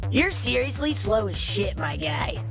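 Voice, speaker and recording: A woman's voice: a little high, sing-song, measured pace, over music. An actress voicing a cocky, crude female player character in a video game, trash-talking her rival. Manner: crude, teasing trash talk.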